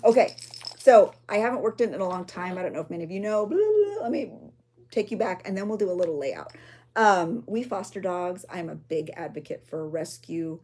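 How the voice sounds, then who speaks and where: A woman's voice: fairly low pitch, fairly quick, darkish tone. A woman hosting a craft journaling vlog, chatty and emotional, rambling with fillers as she shows her pages. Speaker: junk journaling video host.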